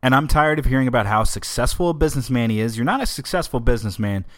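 A man's voice: mid-range voice, expressive, fast talker, a bit bright. A man hosting a political podcast, giving opinionated, emphatic commentary in a conversational way. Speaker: podcast host.

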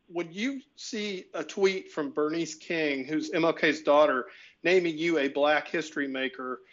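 A friendly male interviewer asks long, rambling questions in a slightly high voice. The sound is a bit dull and lo-fi. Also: a bit bright. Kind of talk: conversational interview. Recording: dull lo-fi audio.

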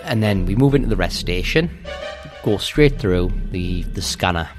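A man's voice: sits low, animated, moderate pace, over music. A man co-hosting a casual podcast, recounting a video game level step by step in a methodical way. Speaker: podcast co-host. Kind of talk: casual game walkthrough chat.

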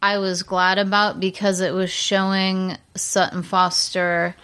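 A woman co-hosting a casual podcast. She mostly chimes in with quick agreement, then adds a thought of her own in an easy, conversational tone. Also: mid-range voice, monotone, fairly bright tone, clean tone. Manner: mostly brief agreeing interjections. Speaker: podcast co-host. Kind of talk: casual chat.

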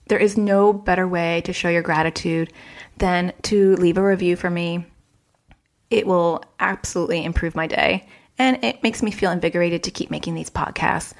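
Woman, child therapist and podcast host, somewhat low voice, chatty advice monologue with acted-out quotes. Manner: chatty, acts out quoted dialogue with pitch jumps.

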